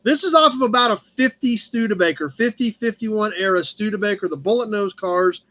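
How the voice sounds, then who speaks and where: A man with a fairly high voice hosts a casual live-stream auction. He chats easily about each piece and calls out the bids as the timer runs, with a cat heard now and then in the background. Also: a little fast, fairly bright tone. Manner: chatty, talks to his cat between bids. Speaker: host auctioning car badges.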